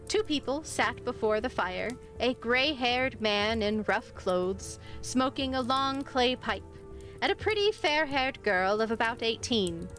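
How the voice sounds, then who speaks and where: A woman reading a spooky story aloud on a live stream, expressive in how she voices the dialogue. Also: on the high side, measured pace. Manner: expressive, lively voicing of dialogue. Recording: faint music behind.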